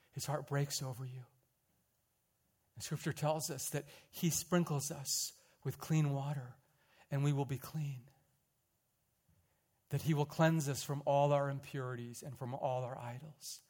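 A male pastor from British Columbia preaches in an earnest, storytelling way. His voice sits mid-range, and he falls quieter and slower at the gentle parts. He sometimes repeats words when moved. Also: medium pitch. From British Columbia, Canada. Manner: earnest, dropping softer and slower at tender moments, repeating words when stirred. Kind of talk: sermon with storytelling.

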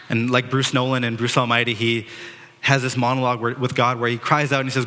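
Male pastor, earnest sermon delivery, bright tone, long hall reverb. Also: medium pitch, fairly even intonation, quick pace. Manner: earnest preaching with dramatic quotes and restarts.

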